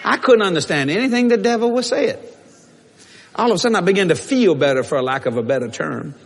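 A man preaching a lively church sermon, joking and breaking into shouted bursts, with a husky voice. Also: sits high, brisk. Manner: animated, shouting in bursts, joking, acting out quotes. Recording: long reverb of a church hall.

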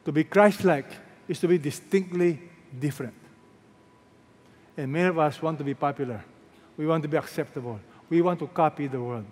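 A man's voice: a little high, a little mellow. A man with a Filipino accent preaching a sermon as pastor, emphatic, repeating phrases and firing rhetorical questions at the congregation. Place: large church hall. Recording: long reverb from a large hall.

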